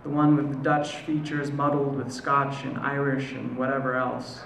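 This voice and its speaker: Spoken word poet, American man, gravelly mid voice, slow deliberate pauses, roomy echo. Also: medium pitch, flat delivery, a bit bright. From United States. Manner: measured, deliberate delivery with slow, lingering pauses. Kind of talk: spoken word poetry performance. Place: live performance venue. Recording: echoey room, faint ambient noise.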